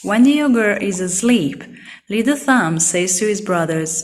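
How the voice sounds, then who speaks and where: A woman reading a children's storybook aloud in a clear, simple way for young learners. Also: medium pitch, expressive, measured pace. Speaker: storybook reader.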